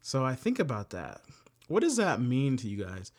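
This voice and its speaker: A man leading a casual Bible study, with a voice of ordinary middle pitch. He reads scripture aloud and then explains it in plain talk. Joking asides break up the readings. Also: huge pitch swings, moderate pace.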